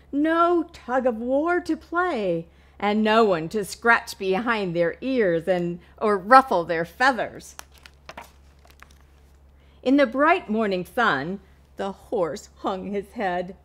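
Expressive woman reading a picture book. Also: mid-range voice. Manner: expressive, slow and deliberate, points out words to children. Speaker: children's librarian. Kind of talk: picture-book read-aloud storytime.

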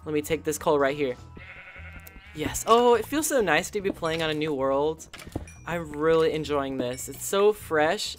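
A channel host offers casual, chatty commentary over a game, excitable and full of gasps and little coos, speaking at medium pitch.

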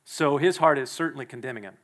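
A male pastor preaching a sermon in a church, emphatic and quick to act out the people he quotes. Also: mid-range voice, fairly bright tone. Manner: emphatic, acts out the quoted speakers.

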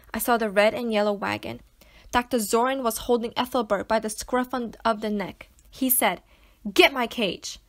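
A woman reads a children's novel aloud for a class of young students. Her voice sits a little high, and she tells the story with expressive, lively storytelling. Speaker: teacher reading to students.

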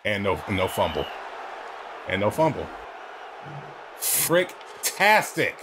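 A man hosting a let's play rants at the game, swearing in exasperation. His voice swings wildly between low muttering and high outbursts. Faint game sound plays behind him. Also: very animated, moderate pace, crowd noise, noisy background. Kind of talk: gaming commentary.

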